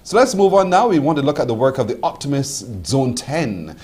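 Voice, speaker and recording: A man's voice: mid-range voice, very animated, brisk, darkish tone. A Barbadian man hosting a live morning TV and radio show, chatting playfully with a caller and laughing often. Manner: playful, laughs a lot, teasing.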